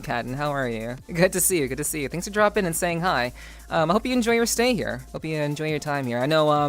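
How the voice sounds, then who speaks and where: A woman streaming live, chatting with her viewers in a deadpan, teasing way with stiff, overly formal phrasing. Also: lowish voice. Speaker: VTuber streamer. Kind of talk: casual live-stream chat.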